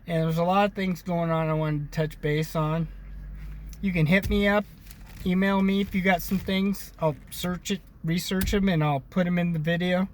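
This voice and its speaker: Ranting male vlogger, American, slightly high, preachy, repetitive. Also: fairly even intonation, moderate pace, slight background noise. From United States. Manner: ranting, preachy, repeats himself; addresses viewers as brothers and sisters. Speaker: video blogger. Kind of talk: casual opinion monologue to camera.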